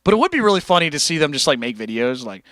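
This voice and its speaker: A man's voice: on the high side, rapid-fire, no echo. A man hosting a casual livestream, chatting loosely and profanely while reading out donations. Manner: loose, profane, animated, reads donations aloud. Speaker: livestream host.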